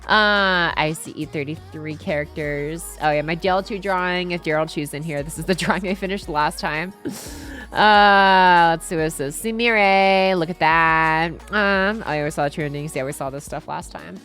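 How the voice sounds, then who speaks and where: A woman's voice: deep voice, normal speed, a bit bright, faint music behind. A woman streamer with a Southern US accent, chatting in a loose, rambling way and swearing casually on a livestream.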